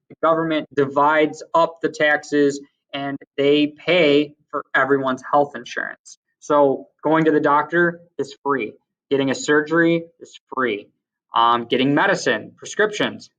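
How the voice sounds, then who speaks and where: A man's voice: a little high, measured pace, a bit bright. Chatty man teaching, distant mic. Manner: chatty, many fillers, tells anecdotes. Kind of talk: casual classroom lecture. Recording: distant, dull lo-fi recording.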